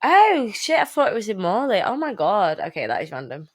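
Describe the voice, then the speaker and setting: A woman's voice: mid-range voice, a little fast. A woman, co-hosting a casual chat podcast and telling stories with lots of laughter. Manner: animated storytelling, frequent laughter, acts out quotes. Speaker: podcast co-host.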